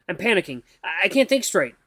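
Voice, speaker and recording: A man reads a visual novel aloud in a casual, tired way and sometimes trips over the words. His voice sits a little high for a man, and the sound is close and dry. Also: sing-song, fairly quick, bright, forceful tone, no echo. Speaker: gaming YouTuber.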